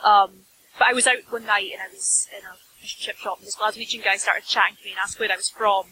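A Scottish woman chatting on a podcast, wry and self-mocking, quick to laugh. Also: medium pitch, fairly even intonation, bright, forceful tone, a little hiss or hum, low-quality recording. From Scotland, near Dundee. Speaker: podcast co-host, book reviewer. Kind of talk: casual podcast chat.

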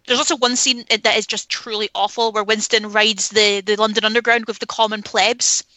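A woman's voice: mid-range voice, flat delivery, moderate pace, pushed and bright, no echo, rough recording. A woman talking candidly about films in a casual podcast chat, opinionated and swearing freely. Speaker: film podcast panelist.

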